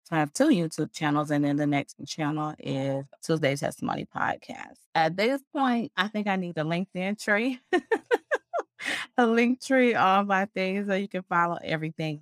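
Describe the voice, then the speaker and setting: Casting: woman podcast host, warm-hearted churchy chatter with frequent laughs, dry close sound. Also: low-pitched, no room sound. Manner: affectionate, churchy, laughs often. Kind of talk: casual livestream outro chat.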